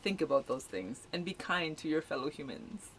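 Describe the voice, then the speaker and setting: A woman's voice: sits low, sing-song, moderate pace, slightly rough, poor audio. A woman co-hosting a casual live chat, giving viewers earnest advice. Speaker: co-host of a livestream.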